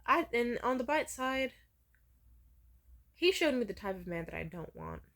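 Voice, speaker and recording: A woman's voice: a little high, very animated, normal speed, fairly bright tone. Candid, swearing young woman storyteller. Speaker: vlogger. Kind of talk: storytime vlog.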